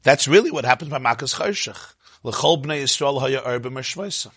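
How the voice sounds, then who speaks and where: Man, sermon, bright tone, dry recording. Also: medium pitch, normal speed, husky, no echo. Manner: animated storytelling, rising to emotional peaks. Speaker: rabbi.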